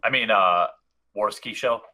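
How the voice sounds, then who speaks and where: A man's voice: on the low side, a little slow, pushed and bright. A man in casual livestream banter, laughing often and making playful quips. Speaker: stream panelist.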